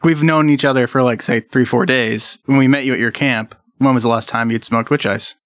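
A man's voice: mid-range voice, fairly even intonation, brisk, a bit bright. A man playing a tabletop game, asking quizzical questions and laughing easily. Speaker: player. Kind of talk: casual tabletop play.

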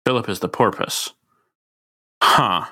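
A man chats casually as a tabletop game player. His voice is bright and forceful, set fairly low, and he rambles and restarts his sentences often. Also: slow pace. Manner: rambling, self-correcting.

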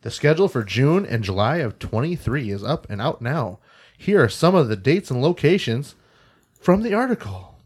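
A man's voice: mid-range voice, very animated, normal speed, a little mellow, breathy edge. Man hosting a casual podcast. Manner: stumbles over foreign place names. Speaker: podcast host. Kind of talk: casual podcast chat, reading out news.

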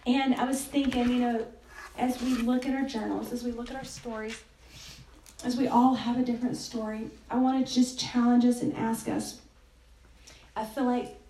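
A woman giving a conversational sermon. Her voice is higher than most but mellow, and it sounds distant and echoey in the room. She uses casual fillers and drops to a hush for quoted lines. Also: a little hiss or hum. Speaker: speaker at a church gathering. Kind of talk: sermon with a told story.

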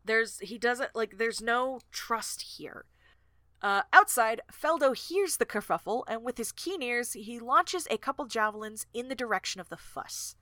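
Bright-voiced chatty woman co-host. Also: a little high, animated, measured pace, no room sound, studio quality. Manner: chatty, retelling scenes with many fillers. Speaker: podcast co-host. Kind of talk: casual book-discussion chat.

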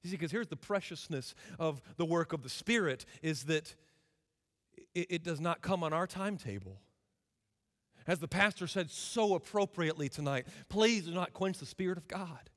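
A man preaching a sermon as a guest preacher, impassioned and swinging from loud declarations to hushed, intimate asides. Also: a little high, animated, normal speed. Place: church sanctuary. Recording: reverberant church hall.

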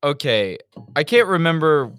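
A man's voice: a little high, very animated, moderate pace, a bit bright, clear, resonant tone, no room sound. A man co-hosting a casual review podcast, blunt and exasperated, swearing casually into a close mic. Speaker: podcast co-host.

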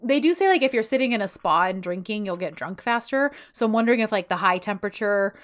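A woman's voice: mid-range voice, lively intonation, fast talker. A woman chatting casually about a TV drama, animatedly acting out the characters' lines as she retells the scenes. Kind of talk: casual chat recapping a TV drama.

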